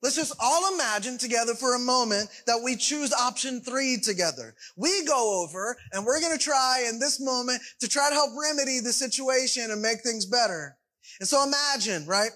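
A man's voice: very high voice, normal speed, pushed and bright, poor audio. A man preaching a sermon in a conversational way, often checking in with his congregation. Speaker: pastor.

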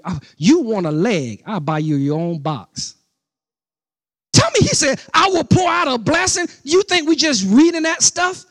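Middle-aged pastor guy, really high voice, preaching all over the place, chatty asides then loud bursts. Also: dry recording, clean studio sound. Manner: animated preaching with rising outbursts and repeated phrases; conversational asides to the congregation. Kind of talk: sermon.

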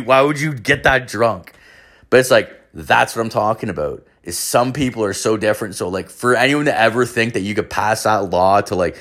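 Brief: young man, lowish voice, rambling profane storyteller. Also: fairly bright tone. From Canada. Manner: profane, rambling, filler-heavy. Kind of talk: casual storytelling.

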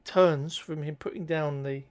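A man's voice: a little high, steady tone, a little slow. A man co-hosting a casual podcast, recapping a film plot in a wry, chatty way with plenty of ums.

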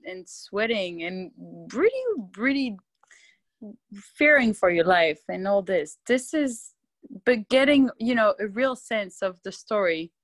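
A woman's voice: mid-range voice, no room sound. A woman with a French accent, a TV videographer talking as a guest in an interview, earnest and heartfelt as she searches for her words. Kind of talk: casual interview talk.

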